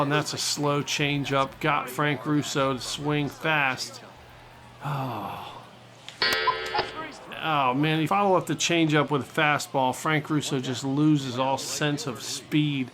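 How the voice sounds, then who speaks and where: A man hosting a gaming channel, giving jokey, excitable play-by-play of his own baseball game. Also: on the high side, slow pace. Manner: excitable, jokey, talks to viewers.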